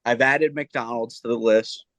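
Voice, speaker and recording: A man's voice: medium pitch, steady tone, unhurried, a bit bright, no room sound. A man co-hosting a casual podcast, bantering playfully and with mock authority. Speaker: podcast co-host. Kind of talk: casual chat.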